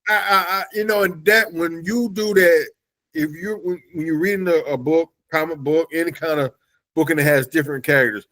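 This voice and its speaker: A man's voice: a little high, steady tone, a bit bright. A man hosting an interview show who talks with enthusiasm and stumbles over his words as he praises his guest's comic. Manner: enthusiastic, halting with restarts. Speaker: podcast host. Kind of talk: casual interview chat.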